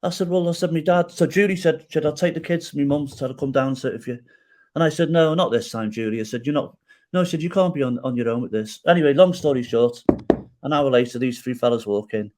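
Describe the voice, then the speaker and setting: A middle-aged man spinning a personal story on a podcast, voice of medium pitch. He acts out everyone's lines as he goes and keeps tagging his points with a quick "right?". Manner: animated storyteller who acts out quoted dialogue and tags lines with "right?". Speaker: podcast guest.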